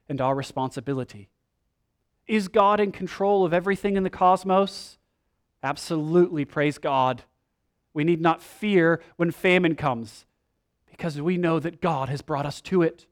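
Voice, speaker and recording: Male pastor with a higher-pitched voice, animated sermon delivery, slangy retelling of scripture. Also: unhurried.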